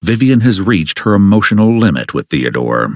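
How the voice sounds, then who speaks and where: Male narrator, low dry voice, grave scripted true-crime read. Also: sing-song, no echo. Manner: measured, grave, dramatic delivery.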